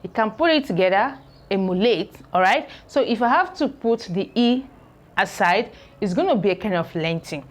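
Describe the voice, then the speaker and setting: A woman teaching English pronunciation, saying each word slowly several times, breaking it into syllables and checking in with "okay?" between explanations. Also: medium pitch, animated. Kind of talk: slow spoken pronunciation lesson.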